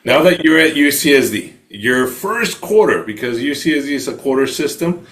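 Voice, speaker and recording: Guy hosting a podcast, mid-pitch voice, long rambling questions. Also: expressive, normal speed, a bit bright. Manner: long winding questions, encouraging. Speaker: podcast host. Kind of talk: interview questions.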